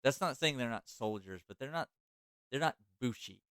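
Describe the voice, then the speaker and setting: A man's voice: medium pitch, lively intonation, normal speed, fairly bright tone, clear, resonant tone, no room sound. A man hosting a podcast, telling a history story in a casual way with many fillers and restarts. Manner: loose, filler-heavy, self-correcting. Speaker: podcast host.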